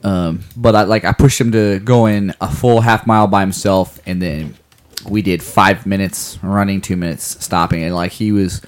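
Low-voiced man rambling casually. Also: fairly even intonation, moderate pace. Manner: rambling, playful, restarts often. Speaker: podcast co-host. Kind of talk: casual chat.

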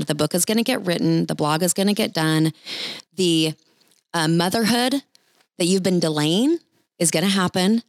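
Earnest low-voiced woman preacher. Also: no echo. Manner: earnest, chatty, speaks straight to the listeners. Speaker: ministry leader. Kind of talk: encouraging talk with prayer.

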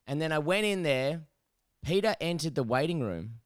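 A fairly high-voiced Australian man tells a story in a casual podcast chat and keeps swearing. He acts out both sides of every exchange. His voice is smooth and clear, and it is recorded dry and close. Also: expressive, moderate pace, dry recording. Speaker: podcast co-host.

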